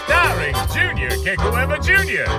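High swoopy announcer intro, music blasting behind it. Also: huge pitch swings, moderate pace. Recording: loud music bed under the voice.

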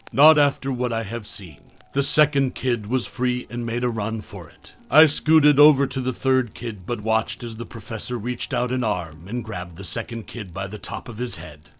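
A man narrating a first-person horror story in a steady, measured way. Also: medium pitch.

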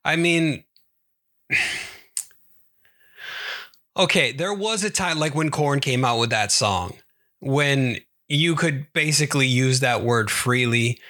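A young man from Massachusetts, a guest on a podcast, chatting in a relaxed, profane way. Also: medium pitch, takes it slowly, pauses often. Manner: relaxed, profane, laid-back. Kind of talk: casual chat.

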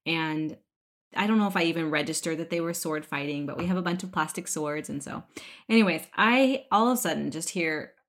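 A woman in her thirties, a birth doula co-hosting a podcast, telling a family story in casual chat with animated delivery and laughter. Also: sits low, brisk.

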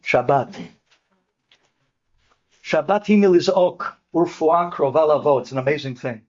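A man's voice: fairly high pitch, unhurried, pauses often. A man telling a personal story, acting out each person's words in changing voices. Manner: lively, quotes people in changing voices. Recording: dull lo-fi sound.

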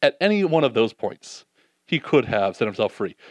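A man preaching a sermon, reading scripture and acting out the disciples' doubts in an animated way, then dropping soft and slow to reflect. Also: mid-range voice, no room sound.

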